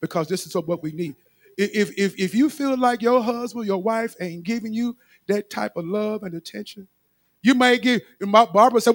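A man's voice: sits high, a little fast, no echo, studio quality. A male pastor preaching a sermon with emphatic repetition, speaking straight to his congregation.

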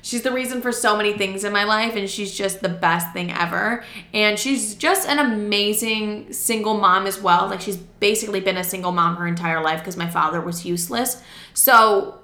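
A woman's voice: mid-range voice, moderate pace, bright, forceful tone. A young adult woman hosting a podcast, telling a story in a chatty, casual way with lots of "like" and free swearing. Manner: chatty, heavy use of "like", swears freely. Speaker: podcast host. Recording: roomy echo.

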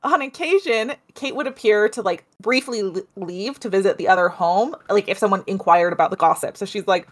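Female co-host, casual storyteller, chatty and animated. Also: medium pitch, fairly quick, hardly any pauses. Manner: chatty, animated, with asides and laughs. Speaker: podcast co-host telling a story.

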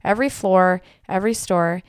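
A woman's voice: medium pitch, moderate pace, clean tone, no room sound. Podcast co-host, female, chatty storyteller, dry recording. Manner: chatty storyteller, laughs often. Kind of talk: casual chat.

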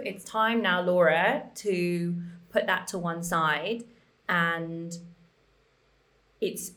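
A woman's voice: fairly low pitch, a bit bright. A woman co-hosting a podcast, chatting frankly with lots of fillers and encouraging her friend. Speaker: podcast co-host. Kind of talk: casual podcast chat.

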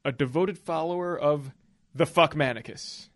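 A man's voice: a little high, normal speed. Casual man riffing on a horror film. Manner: relaxed, crude humor, many fillers. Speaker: podcast co-host.

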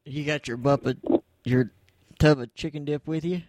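A man's voice: on the high side, steady tone, moderate pace, a little mellow, dry recording. A man hosting a casual internet radio show, laid-back and playing along with callers. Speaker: host.

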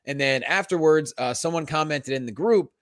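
A man hosting a casual comedy podcast, telling a story in an animated, jokey way. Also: on the high side, normal speed, dry recording. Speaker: podcast host.

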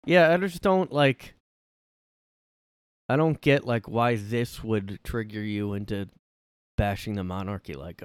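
A man's voice: medium pitch, lively intonation, a little slow, long pauses, clear, resonant tone, dry recording. A man hosting a casual solo podcast from his room, rambling and irreverent, often repeating himself. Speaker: podcast host.

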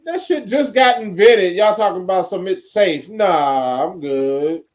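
High-voiced, laid-back male podcast co-host. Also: animated, a little slow. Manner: laid-back, dismissive, profane. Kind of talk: casual wrestling chat.

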